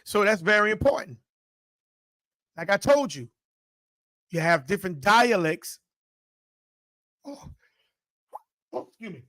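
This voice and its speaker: A man's voice: high voice, pushed and bright, no echo, studio quality. A man co-hosting a discussion, emphatic and teacherly, pressing his points and urging the listeners on. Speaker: co-host. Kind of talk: preaching-style discussion.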